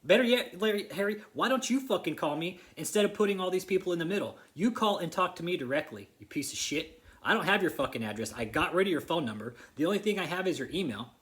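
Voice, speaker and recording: A man's voice: high-pitched, lively intonation, fast talker, a bit bright. A man vlogging an angry, profane rant straight to the camera, repeating himself and confronting someone by name. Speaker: vlogger exposing a church.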